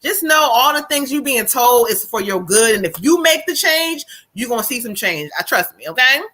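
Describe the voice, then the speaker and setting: A woman's voice: a little high, animated, normal speed, sharp tone. A woman from New Jersey giving a psychic reading on a live stream, blunt and profane. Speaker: psychic medium.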